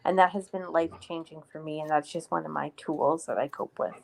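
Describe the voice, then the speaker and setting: A woman's voice: low-pitched, fairly even intonation, brisk, gravelly. Earnest woman co-hosting a live chat. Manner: earnest, reflective, reads out viewer comments. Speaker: co-host of a live stream. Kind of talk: casual live-stream chat.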